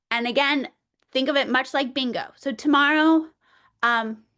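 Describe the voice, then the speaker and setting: A woman presenting an early childhood workshop, playful and animated, talking straight to the group like a teacher. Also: a little high.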